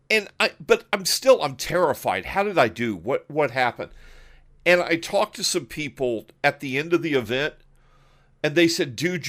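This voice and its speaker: A man hosting an online podcast, telling stories in a casual, animated way with frequent laughs and quick asides over a voice call. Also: fairly high pitch. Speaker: podcast host. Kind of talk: casual storytelling chat.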